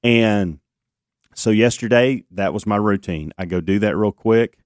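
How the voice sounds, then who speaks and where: A man's voice: fairly low pitch, a little slow, no echo, studio quality. A man hosting a morning radio show, telling a long story in casual chat with lots of restarts and fillers. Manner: rambling storyteller with many restarts and ums.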